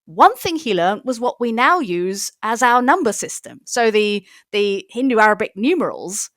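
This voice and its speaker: A woman with a somewhat high voice explains an idea patiently, building it up one step at a time. The sound is dry and close, with little room around it. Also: very animated, normal speed, fairly bright tone, no echo. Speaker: mathematician guest. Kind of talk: explanatory interview answer.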